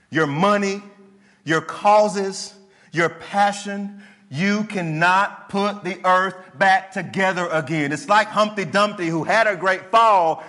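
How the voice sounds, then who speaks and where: A man preaching a sermon as pastor, animated, acting out the voices of people in his story. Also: high voice. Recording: long hall reverb.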